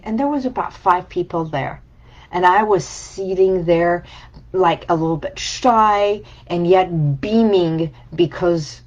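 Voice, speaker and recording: A woman's voice: fairly low pitch, lo-fi sound. A woman coach giving a reflective, emotional personal talk about letting go, speaking in short repeated phrases. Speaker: healing coach.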